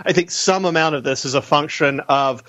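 A man appearing as a guest on a talk radio show, arguing his points in an animated way with quick asides. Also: a little high, dry recording.

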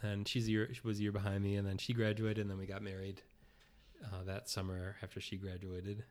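Chatty man with a low voice. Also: little pitch movement, a little fast, darkish tone. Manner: chatty, many fillers like "like", acts out quoted dialogue. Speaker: interview guest. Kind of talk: casual storytelling conversation.

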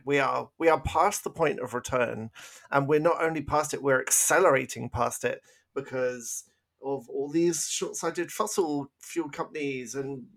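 A British man co-hosting a podcast in casual, animated chat, laughing easily and ranting at times. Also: medium pitch. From Britain. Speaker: podcast co-host.

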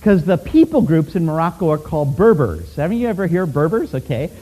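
A man's voice: on the high side, sing-song, brisk, dark tone, breathy edge, rough recording. A man teaching a missions class, telling stories and asking the class rhetorical questions in a classroom. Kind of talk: missions teaching talk with storytelling.

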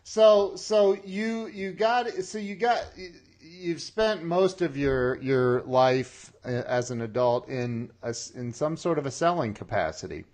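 A man's voice: fairly high pitch, unhurried, hardly any pauses, darkish tone. A man hosting a podcast interview, enthusiastic and laughing often, starting his sentences over. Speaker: podcast host. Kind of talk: casual interview chat.

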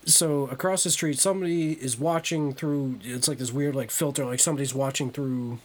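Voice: medium pitch, fairly even intonation, moderate pace. A podcast co-host recapping a movie plot in a rambling way, full of fillers. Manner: rambling, heavy use of "like" fillers. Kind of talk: casual chat recapping a movie.

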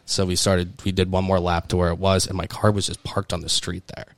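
A man co-hosting a podcast in a studio, telling a long story with lots of laughter and sudden high jumps in his voice when he acts out the panicked moments. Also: a little fast, no room sound. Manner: animated storyteller, laughs through his words. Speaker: podcast co-host.

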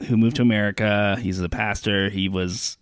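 Low-voiced man chatting on a podcast. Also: fairly even intonation, clear, resonant tone, no echo, studio quality. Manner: laughs often, loose storytelling with quick impressions. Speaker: podcast co-host. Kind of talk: casual chat. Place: Toronto area.

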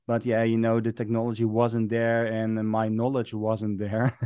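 A man's voice: fairly low pitch, completely flat delivery, measured pace, warm tone, clean tone, no echo, clean studio sound. Dutch man speaking modestly, with hesitant fillers. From Netherlands. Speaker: guest, night photographer. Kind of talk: casual interview chat.

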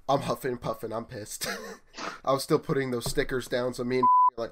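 A man's voice: medium pitch, normal speed, slight background noise. A young man spins a story from his retail job in loose, casual chat. He slips into the voices of customers and coworkers as he goes. His voice sits in an ordinary middle range. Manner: animated storyteller, acts out quotes. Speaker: retail store manager telling work stories.

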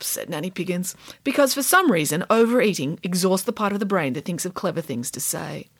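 A woman's voice: fairly low pitch, expressive, a little fast, no echo. A woman reading a children's storybook aloud, narrating with wry, playful asides to the listener.

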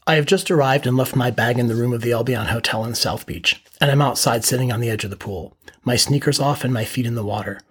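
A middle-aged man hosting a podcast, telling his own story in a calm, matter-of-fact present tense. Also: mid-range voice, quick pace, breathy edge. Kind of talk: first-person story narration.

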